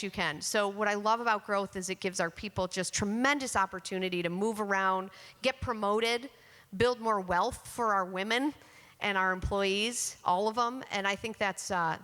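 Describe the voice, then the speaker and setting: A woman's voice: mid-range voice, bright, forceful tone. A middle-aged woman speaking on a conference panel, telling a story in a candid, chatty, self-deprecating way into a handheld mic. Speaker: panelist, chief marketing officer. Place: conference hall on stage. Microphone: handheld microphone. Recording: reverberant hall.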